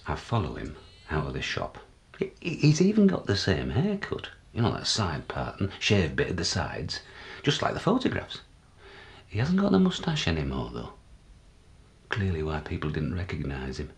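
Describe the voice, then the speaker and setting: An actor playing a deluded, paranoid older man, confiding and jumpy, swinging from hushed to shouting, in a dramatic stage monologue. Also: low voice, wildly swooping pitch, normal speed, exaggerated voice. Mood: conspiratorial.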